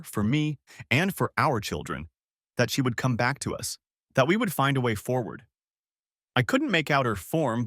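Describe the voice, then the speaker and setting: Expressive male audiobook narrator. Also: medium pitch, dry recording, clean studio sound. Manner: expressive, dramatic reading.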